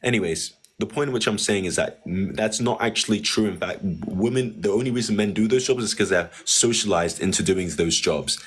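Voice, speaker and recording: Condescending young man, husky and low. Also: fairly quick. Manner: condescending, repeats set phrases. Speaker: debate host. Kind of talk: heated live-stream debate.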